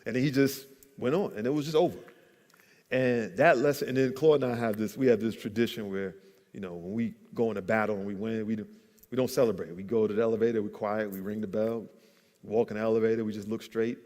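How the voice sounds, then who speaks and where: A man's voice: fairly low pitch, fairly even intonation, quick pace, a little mellow. A man telling a business story at a church event, acting out the people he quotes. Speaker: guest entrepreneur. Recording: long hall reverb.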